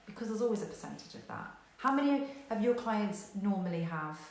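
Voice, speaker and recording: A woman business coach giving a motivational talk, energetic and direct, who acts out panicked voices and swears casually. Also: mid-range voice, a little fast. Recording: very echoey room.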